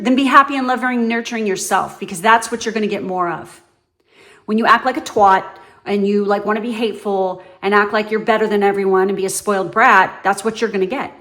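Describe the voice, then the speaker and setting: A woman giving her viewers a casual, foul-mouthed pep talk as a tarot reader, blunt and emphatic. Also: mid-range voice. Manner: blunt and profane, emphatic, swings between loud and soft.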